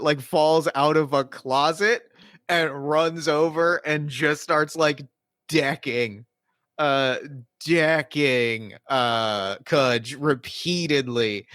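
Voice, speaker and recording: A man narrating and playing in a tabletop role-playing game, animated and cursing in frustration. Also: on the high side, dry recording, studio quality. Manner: animated, swearing, laughing. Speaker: player or game master.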